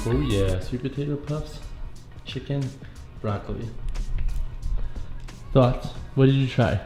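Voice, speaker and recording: A man's voice: medium pitch, slow, long pauses. A chatty young man with a Missouri accent, vlogging from his kitchen. His voice sits in a middling range and rings around a roomy space. Faint music plays under him. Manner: chatty, jokey, talks to the camera. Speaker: fitness vlogger. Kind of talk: casual vlog narration. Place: home kitchen.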